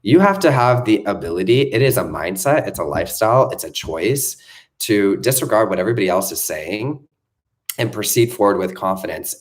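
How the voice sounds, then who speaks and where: A young man in the role of a self-help coach, delivering an unscripted, emphatic motivational rant that repeats itself and swears freely. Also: lowish voice.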